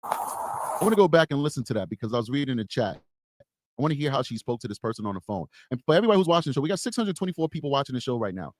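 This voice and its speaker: A man's voice: mid-range voice, very animated, rapid-fire. A man co-hosting a live true-crime stream, commenting emphatically and repeating his points. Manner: emphatic, repetitive, opinionated.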